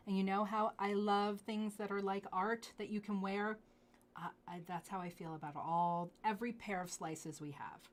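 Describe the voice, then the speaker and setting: A woman hosting a live jewelry sales show, gushing over pieces and dropping into hushed asides. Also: mid-range voice. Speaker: jewelry live-stream host.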